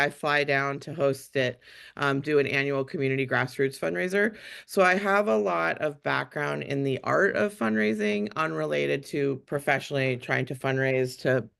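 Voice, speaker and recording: A woman with a hoarse voice from a cold, chatting on a webinar panel over a video call, self-deprecating and full of ums. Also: low voice, steady tone, normal speed, fairly bright tone. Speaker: museum fundraiser on a panel.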